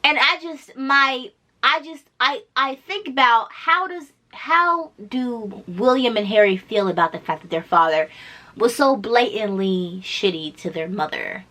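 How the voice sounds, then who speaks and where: A woman vlogger giving casual reaction commentary, blunt and profane. She hammers her points home by repeating them. Her voice is bright and forceful, pitched a little high. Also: expressive, a little slow.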